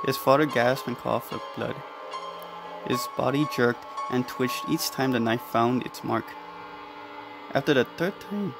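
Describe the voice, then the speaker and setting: A man narrating a horror story in a measured, dramatic way, with music underneath. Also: mid-range voice, creaky.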